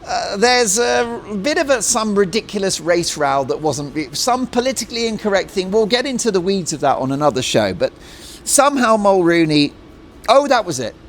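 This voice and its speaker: A middle-aged man hosting an opinionated talk show monologue, mocking and animated, breaking into jokey put-on voices. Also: high voice, a little fast, a little hiss or hum. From Britain.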